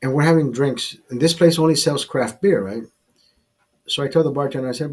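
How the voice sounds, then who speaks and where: A man's voice: mid-range voice, fairly quick, a little mellow, breathy edge. A man hosting a casual drinking livestream, telling a rambling, profane bar story to his viewers. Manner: profane, rambling anecdote teller. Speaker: livestream host.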